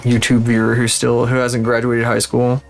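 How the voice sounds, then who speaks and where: A man chatting casually on a livestream while he works, ranting and swearing often in an animated way. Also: mid-range voice, normal speed, gravelly, soft background music. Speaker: streamer.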